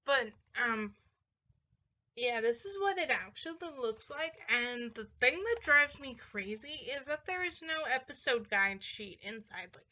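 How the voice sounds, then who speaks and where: A woman's voice: on the high side, expressive, measured pace, bright, forceful tone, slight background noise. A young woman chatting casually in a vlog, rambling with lots of fillers and little laughs as she talks. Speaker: vlogger showing a movie collection. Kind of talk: casual chat.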